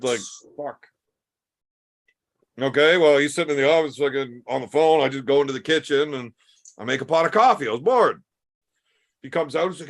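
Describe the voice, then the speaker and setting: A man's voice: on the high side, moderate pace, vocal fry, pauses often. A young adult man casually telling crude stories from his school days, swearing freely in a laid-back way. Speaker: podcast host. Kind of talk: casual storytelling chat.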